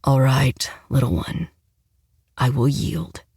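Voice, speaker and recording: A woman's voice: very deep voice, fairly even intonation, darkish tone, slightly rough, dry recording, studio quality, voice pushed down, full character voice. A woman playing a firm, formal male protector. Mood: calm, firm. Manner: measured, formal, unhurried speech. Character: commanding protective male enforcer, calm and firm. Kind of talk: audiobook narration.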